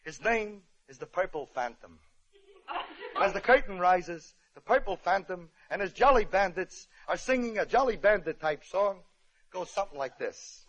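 A man hosting a radio show, telling a comic story with wry, deadpan asides. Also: high-pitched, normal speed. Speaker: comedian host. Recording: muffled old radio broadcast with band music.

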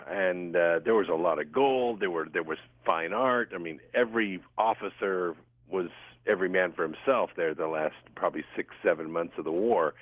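A male radio guest calmly explaining things over the phone. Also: low-pitched, no echo. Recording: tinny phone line.

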